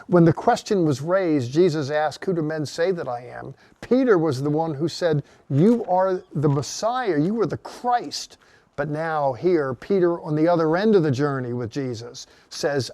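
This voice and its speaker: Brief middle-aged man, Bible teacher, earnest sermon delivery, mellow tone, dry close sound. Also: on the high side, no room sound. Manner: earnest, reads scripture with emphatic voiced quotes.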